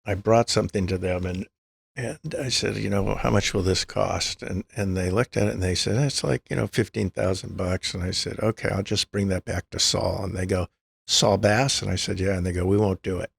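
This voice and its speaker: An older man with a low, heavily gravelly voice tells long stories as an interview guest. He acts out what the people in his stories said, and his husky voice sounds dry and close to the mic. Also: steady tone, moderate pace, dry recording. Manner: anecdotal, acts out quoted dialogue. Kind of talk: storytelling interview.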